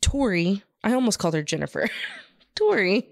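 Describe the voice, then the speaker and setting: Gravelly woman, blunt and teasing. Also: mid-range voice, sing-song, normal speed, no echo, clean studio sound. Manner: blunt, teasing, retells scenes with playful quotes. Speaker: podcast co-host. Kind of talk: casual chat about a horror film.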